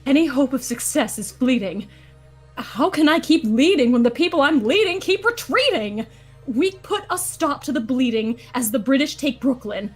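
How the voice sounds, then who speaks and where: A woman's voice: sits high, lively intonation, moderate pace, faint music behind. A woman voicing a weary adult male general leading outnumbered troops, delivering the lines in a rhythmic, rap-like way. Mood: urgent. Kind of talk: live dramatic read-through of a musical.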